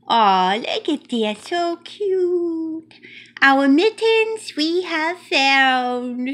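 A woman's voice: a little high, exaggerated voice. A woman voicing a cute, chatty little male mouse who reads a picture book aloud in a childlike, playful way with broken grammar. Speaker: storybook reader.

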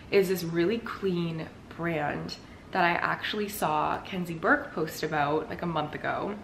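Chatty young woman vlogging at home. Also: fairly low pitch. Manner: chatty and rambling, heavy use of "like". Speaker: lifestyle vlogger. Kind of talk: casual chat to camera. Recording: roomy echo with faint noise.

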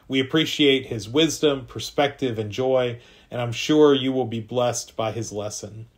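A man's voice: mid-range voice, measured pace. Man reading a church class introduction. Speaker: church leader introducing the speaker. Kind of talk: read introduction.

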